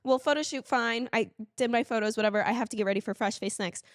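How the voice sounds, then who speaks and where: Animated young woman telling a story. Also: fast talker, no room sound, clean studio sound. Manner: animated storyteller, acts out quotes in high squeals; laughs while telling stories. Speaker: podcast co-host. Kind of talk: casual chat.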